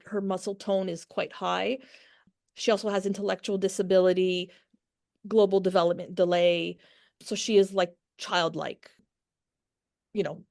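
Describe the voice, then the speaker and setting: A woman in her forties speaks candidly as a podcast guest, at an ordinary middle pitch. She is frank and laughs often, and she trails off into restarts as she talks. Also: gravelly, a little mellow. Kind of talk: candid conversational interview.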